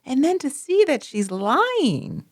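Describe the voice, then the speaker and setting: A woman co-hosting a podcast, chatting casually and telling stories with expressive acted quotes. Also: high-pitched, slow, dry recording, clean studio sound. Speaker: podcast co-host. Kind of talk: casual conversational podcast chat.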